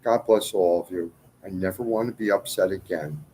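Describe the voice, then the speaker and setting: Speaking at a moderate pace in a low, warm voice, a man who calls himself a cleric harangues his followers in an agitated, pleading monologue. His words swing between outbursts and muttered asides. The low-quality recording carries slight background noise.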